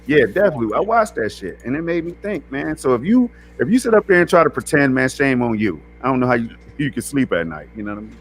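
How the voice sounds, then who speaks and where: A man's voice: medium pitch, sing-song, quick pace, hardly any pauses, faint music behind. Man ranting in profane slang. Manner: emphatic, profane street slang. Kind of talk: casual gaming podcast chat. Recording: faint background noise.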